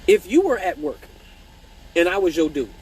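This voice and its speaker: His voice is high and his pace moderate, heard through a rough recording with slight background noise. As an exotic dancer hosting a casual live-stream Q&A, the man curses freely, tells animated stories, and responds bluntly to viewer comments he reads aloud.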